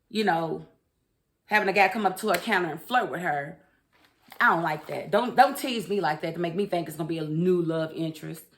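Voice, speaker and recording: A TV show reviewer with a lowish, somewhat bright voice gives sassy, chatty commentary on an episode. She laughs often and addresses her viewers directly in this casual review.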